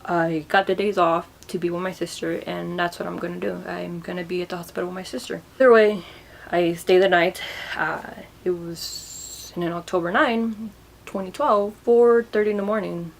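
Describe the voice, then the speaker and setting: A woman's voice: lowish voice, fairly even intonation, creaky. Emotional young woman telling a personal story. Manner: emotional, halting, repeats words. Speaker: vlogger.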